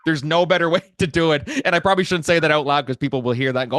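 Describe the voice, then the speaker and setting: A man's voice: on the high side, steady tone, fast, a bit bright, dry recording. Guy hosting a podcast, lots of um and uh, clean dry voice. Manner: rambling with many fillers. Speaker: podcast host. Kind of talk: casual interview chat.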